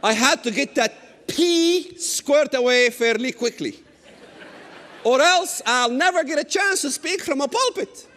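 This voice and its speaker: A middle-aged preacher whose first language is Arabic gives a fiery sermon on scripture in a strikingly high, lively voice with swooping pitch, at a measured pace. He drives home his points with sudden shouts and teasing asides. A long hall echo carries his words, with slight background noise.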